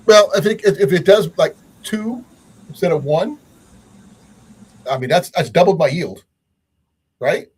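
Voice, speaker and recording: A man's voice: high-pitched, expressive, a little slow, pauses often, breathy edge, rough recording. A man hosting a casual livestream chat, rambling with many fillers and restarts. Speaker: channel host.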